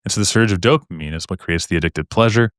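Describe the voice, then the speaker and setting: Young guy tutoring med exam stuff, quick and jokey, low voice, super dry close sound. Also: dry recording. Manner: fast, chatty, jokey, asks rhetorical questions. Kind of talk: casual recorded lecture.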